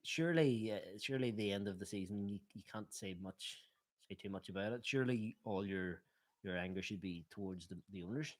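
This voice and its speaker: A man's voice: lowish voice, brisk. A man co-hosting a live football watchalong, chatting casually and teasing his co-host in jokey banter. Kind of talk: casual chat.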